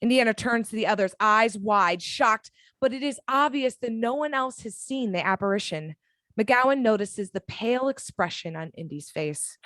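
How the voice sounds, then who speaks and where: A woman reading a screenplay's action descriptions as narrator of a fan audio drama, in a dramatic, measured way. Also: a little high, a bit bright, dry recording.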